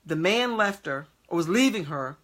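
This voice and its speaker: A woman's voice: on the low side, lively intonation, normal speed, fairly bright tone. A woman preaching an emphatic motivational sermon, repeatedly checking in with her audience.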